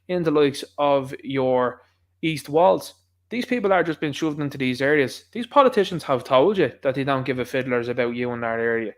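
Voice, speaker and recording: A man with a Dublin Irish accent, hosting his own channel, giving rambling, combative political commentary in an impassioned way. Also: a little high. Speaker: channel host.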